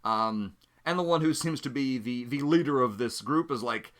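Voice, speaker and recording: A man's voice: mid-range voice, moderate pace, fairly bright tone. A man narrating a solo tabletop game as game master, thinking aloud and explaining his dice rolls.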